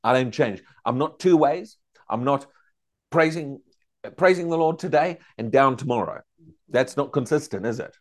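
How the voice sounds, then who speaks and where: A man teaching a Bible study, questioning his class and acting out excited believers. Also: medium pitch, moderate pace.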